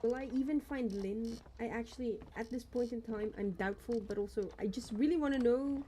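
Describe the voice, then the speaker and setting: A young woman streaming a horror game, rambling nervously to herself and quickly tipping into panic. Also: a little high, mellow, a little hiss or hum, poor audio. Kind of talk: gaming stream commentary.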